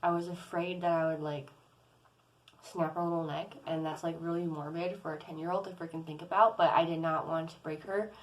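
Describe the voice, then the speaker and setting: A woman's voice: low voice, flat delivery, a little fast, poor audio. A young adult woman vlogging, telling a personal story in a casual, rambling way, with many fillers and restarts. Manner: rambling, lots of "like" and "um", restarts often.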